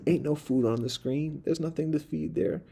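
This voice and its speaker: A man's voice: on the high side, normal speed, gravelly, dark tone, husky. A man telling a personal story in a casual, rambling monologue with many asides. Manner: rambling, loose, full of fillers and asides.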